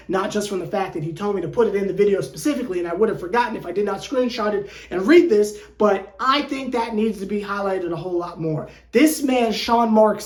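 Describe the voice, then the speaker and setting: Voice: medium pitch, darkish tone. A channel host giving a casual fan commentary rant to camera, joking and slangy, tripping into repeated words and restarts. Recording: roomy echo.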